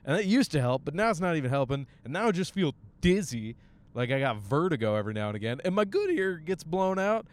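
A young man from Michigan, a stand-up comic hosting his own podcast, rambling crude jokes in casual talk while riding a bus. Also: fast. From Michigan, USA. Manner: crude, jokey, animated with sudden high-pitched bits.

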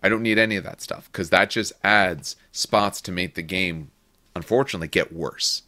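A man's voice: deep voice, moderate pace, pushed and bright, no echo. A man hosting a podcast in casual gaming chat, opinionated and rambling with restarts. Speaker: podcast host.

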